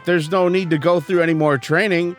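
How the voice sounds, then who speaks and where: A man's voice: sits high, steady tone, brisk, soft background music. A man reviewing a video game as he plays, exasperated and sarcastic, swearing often. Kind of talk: let's-play commentary.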